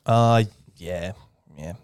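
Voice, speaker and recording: A young man, a guest in a casual interview, telling his story with animation and jumping into a high voice to mimic people he quotes. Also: drawn-out words, a little mellow, smooth, no room sound, clean studio sound. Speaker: aerospace engineer guest.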